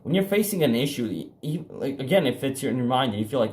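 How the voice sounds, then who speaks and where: A man's voice: medium pitch, animated, darkish tone. A young man giving a casual motivational talk to camera, frank and profane, rambling with restarts and fillers. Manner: emphatic, speeds up and slows down for stress. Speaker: self-improvement vlogger.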